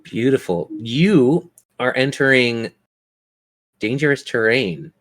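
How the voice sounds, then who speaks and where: A man's voice: medium pitch, expressive, slow, fairly bright tone. A man narrating a tabletop game as game master, with dramatic, descriptive narration at an uneven pace.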